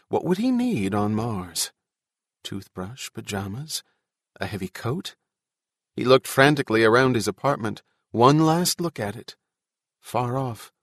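A man reading an audiobook in a measured storytelling voice. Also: lowish voice, no room sound, clean studio sound. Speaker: narrator. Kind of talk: audiobook narration.

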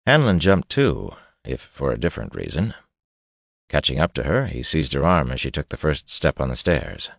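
A man narrating a fantasy novel in a measured, steady storytelling voice. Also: extremely low pitch, vocal fry, no echo, clean studio sound. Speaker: audiobook narrator.

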